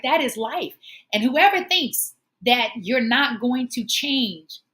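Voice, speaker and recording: Woman host, fairly high voice, heartfelt encouraging monologue, earnest delivery. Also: fairly bright tone. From Omaha, United States. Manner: earnest, encouraging, emotional at times. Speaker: show host.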